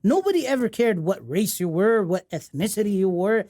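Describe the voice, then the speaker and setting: A woman comedian, raised in the Gulf, co-hosts a loose podcast chat. Her voice sits at an ordinary mid pitch. She rambles, circles back and restarts her sentences, full of fillers. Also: sing-song, moderate pace, dark tone. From United Arab Emirates.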